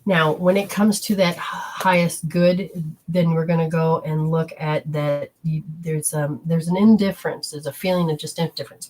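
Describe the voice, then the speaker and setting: A woman's voice: sits low, fairly even intonation, normal speed, a little mellow. A woman hosting a spiritual healing talk, explaining steps in a rambling, instructive way and speaking straight to her listeners. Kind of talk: casual teaching talk.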